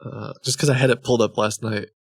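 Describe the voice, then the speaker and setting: A man streaming from home in a loose, rambling way, breaking off mid-thought and chuckling at his own fumbles. His voice sits at an ordinary middle pitch, close on the mic in a dry room with no echo. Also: steady tone, quick pace, vocal fry, slightly rough. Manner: rambling, self-interrupting, laughs often. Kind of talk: casual live-stream chat.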